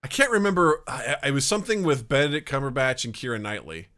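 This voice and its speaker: Man, podcast co-host; bright and expressive, animated casual chat with playful mimicry. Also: mid-range voice, fast. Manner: animated, laughs often, mimics quotes in exaggerated voices.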